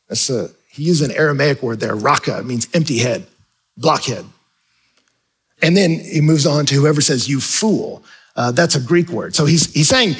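Guy pastor preaching, chatty and animated, bit raspy, kinda high voice. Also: normal speed, low-quality recording. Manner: conversational, animated preaching with acted-out asides. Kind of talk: sermon.

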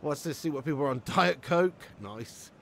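A man's voice: fairly high pitch, lively intonation, moderate pace, vocal fry, fairly bright tone, slight background noise. A man chatting casually on a gaming live stream, full of slang and frequent laughs. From England. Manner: chatty, slangy, laughs often, reads out chat.

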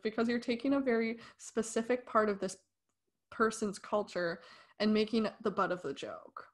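A young woman co-hosting a podcast, reviewing a film in casual, animated talk with opinionated and sarcastic asides. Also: fairly high pitch, moderate pace. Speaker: podcast co-host.

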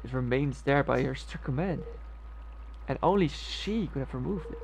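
A man's voice: medium pitch, lively intonation, normal speed, gravelly, a little hiss or hum, rough recording. A man reading aloud the lines of a dutiful, anxious palace official in a game, with game music behind. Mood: worried.

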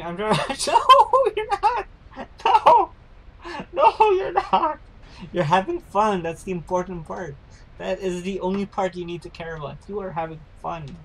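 A young man streaming a video game, chatting with his viewers as he plays and breaking into shouts and high laughter at what happens on screen. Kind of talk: casual gaming livestream chat.

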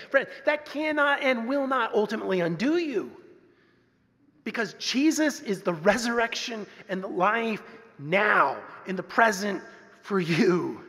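A male pastor preaching a sermon earnestly, moving between loud emphasis and hushed softness. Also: very high-pitched. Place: church sanctuary. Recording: long reverb of a church sanctuary.

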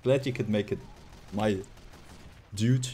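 A man's voice: fairly low pitch, slow pace, dark tone, a little hiss or hum. A man streaming live gameplay, playfully chatting with viewers and laughing often.

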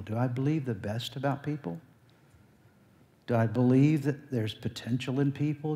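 Speaking at medium pitch with a dark tone, a male pastor delivers a sermon in a church sanctuary. He asks the congregation questions, then supplies the answers himself, his words carried by long hall reverb.

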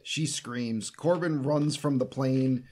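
A man's voice: medium pitch, slow, a little mellow. A man co-hosting a podcast, retelling a movie plot in casual chat and laughing often. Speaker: podcast co-host.

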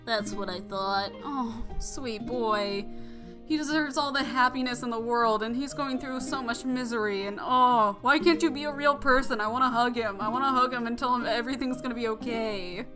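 A young woman hosting a let's play, reacting to the story in an expressive, gushing way. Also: fairly high pitch, brisk, few pauses. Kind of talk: emotional gameplay commentary. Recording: music playing underneath.

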